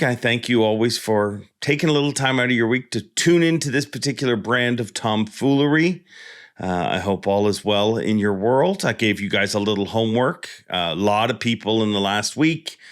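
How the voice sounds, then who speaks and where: A man's voice: medium pitch, expressive, normal speed, fairly bright tone. A man hosting a fishing podcast in a casual, joking, rambling monologue, born in Ireland. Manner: jokey, rambling, self-deprecating. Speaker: podcast host.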